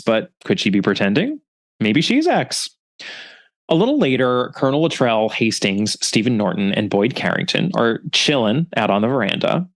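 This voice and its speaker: A man hosting a book review podcast, retelling a story in a chatty way with wry, sarcastic asides. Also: medium pitch. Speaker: podcast host.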